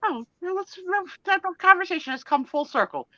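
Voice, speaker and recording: A woman hosting a casual live chat, animated and laughing, given to dramatic outbursts. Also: high-pitched, normal speed, dry recording, lo-fi sound. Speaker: host.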